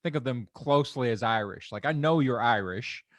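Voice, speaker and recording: A man's voice: medium pitch, moderate pace, no room sound. A man hosting a podcast, musing reflectively in casual conversation. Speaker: podcast host.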